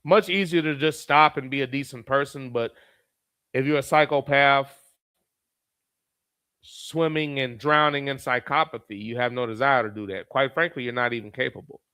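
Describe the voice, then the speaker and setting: A man's voice: medium pitch, steady tone, moderate pace, sharp tone, clean tone, dry recording. A man who reads viewer comments aloud as a streamer and gives blunt, profane, heated commentary. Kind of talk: profane live commentary reading chat.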